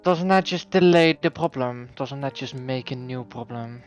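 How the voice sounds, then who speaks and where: A man's voice: medium pitch, moderate pace, muffled recording, soft background music. A man playing a tabletop game, chatting casually and teasing playfully. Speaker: player. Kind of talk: casual chat.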